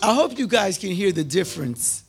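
A high-pitched man delivers a sermon. He calls out questions to the crowd, repeats his lines for emphasis, and swings from near-shouts to hushed speech. Soft music plays behind him. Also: very animated, normal speed, vocal fry. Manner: call-and-response, repetitive, swings from loud to hushed. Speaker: preacher.

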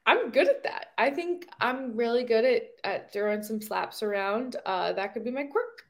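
A woman's voice: on the high side, expressive, normal speed. A young woman co-hosting a podcast, joking and sassy as she chats about a reality dating show. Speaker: podcast co-host. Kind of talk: casual reality TV recap chat.

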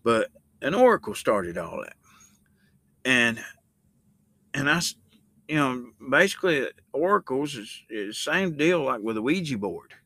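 A man's voice: mid-range voice, sing-song, unhurried, long pauses, bright, forceful tone, no room sound. A man hosting a Christian podcast, talking in a loose, rambling way and reading scripture aloud with rising emphasis. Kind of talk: casual spoken sermon.

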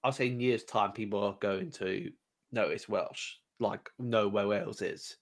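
A man's voice: lowish voice, steady tone, a little slow. A man from England co-hosting a podcast in casual chat, hesitant with lots of ums and repeated words. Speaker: podcast co-host.

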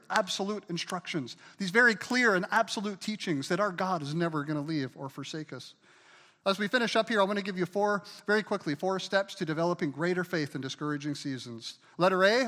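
A man's voice: high-pitched, sharp tone, long reverb tail. A male pastor preaching a sermon with emphasis, asking the congregation to repeat key words after him.

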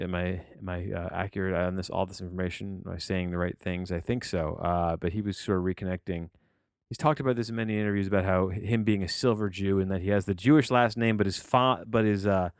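Rambling man with a low, smooth voice. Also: no echo, studio quality. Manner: digressive, restarts sentences often, casual swearing. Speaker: podcast host reviewing a movie. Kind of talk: rambling solo podcast talk. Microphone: close to the mic.

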